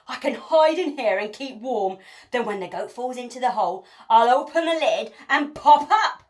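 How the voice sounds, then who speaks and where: A woman's voice: on the high side, expressive, normal speed, lightly acted. Woman doing a timid male troll, small shy voice. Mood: scheming. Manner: small shy voice, fussing to himself.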